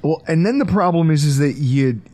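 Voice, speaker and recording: Guy hosting a sports podcast, kinda high voice, bounces all over, jokey. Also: dry recording. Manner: animated, joking, quick asides. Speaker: podcast host. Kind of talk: casual sports chat.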